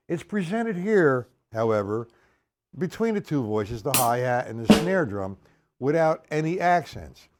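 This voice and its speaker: Slow-paced male drum teacher counting aloud. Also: mid-range voice. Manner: counts rhythms aloud, explains step by step. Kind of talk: instructional drum lesson. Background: drum kit playing.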